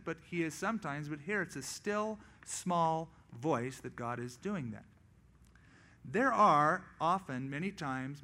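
A male pastor preaching a sermon, acting out quoted voices in lively storytelling. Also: on the high side.

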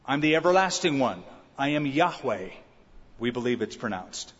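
A pastor preaching an expository sermon, emphatic and asking the congregation questions. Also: male voice, mid-range voice, sing-song, brisk, a bit bright. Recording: dull reverberant church sound.

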